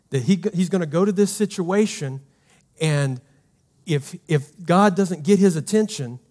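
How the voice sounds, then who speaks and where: A man preaching a sermon as pastor, emphatic and conversational, swinging from loud to hushed and asking the congregation questions. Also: a little high.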